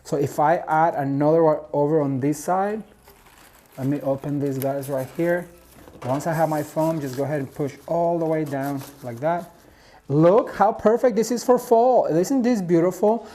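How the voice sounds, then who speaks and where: A man from Mexico walks viewers through a home decor craft at his table at home. His voice is mellow and warm, and his talk is chatty and full of gushing praise for his work. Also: a little high, normal speed, slight background noise. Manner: chatty and gushing, calls viewers "you guys" and "honey". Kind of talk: DIY craft tutorial.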